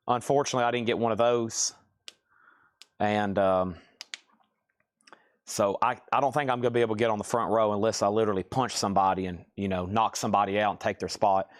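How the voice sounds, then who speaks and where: A man's voice: medium pitch, no echo. Guy running a live record sale stream, talks loose and chatty, mid voice, dry close sound. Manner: chatty, rambling asides between sales. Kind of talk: casual live-stream selling.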